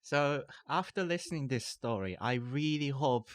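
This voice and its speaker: A man's voice: medium pitch, expressive, moderate pace, no room sound, studio quality. A man hosting a podcast interview in a casual, encouraging way, with frequent laughter and short replies. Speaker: podcast host.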